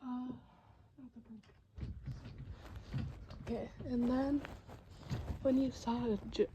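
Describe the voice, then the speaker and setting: A woman in a whispered role-play, speaking to the listener in a soft, mostly unvoiced whisper, rambling and hesitant with many fillers. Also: high voice, flat delivery, slow pace, dull audio, noisy background.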